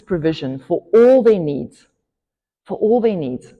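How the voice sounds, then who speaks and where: A woman's voice: fairly low pitch, animated, measured pace, warm tone. A woman pastor preaching a sermon, earnest and emphatic, rising in force when she reads scripture. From South Africa. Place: church hall. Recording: church hall reverb.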